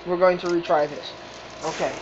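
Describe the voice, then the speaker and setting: A woman doing game commentary, swearing often and reacting loudly to the race. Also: lowish voice, normal speed, noisy background. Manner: profane, excitable, swearing at the game. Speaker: gamer. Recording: dull lo-fi recording with game music.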